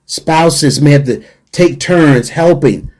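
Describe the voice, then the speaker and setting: A middle-aged man talks to his radio listeners in an earnest, emphatic way and comes back to his main points again and again. His voice sits a little high for a man. Its tone is dark and mellow. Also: slow. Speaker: radio show host. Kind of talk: radio talk show monologue.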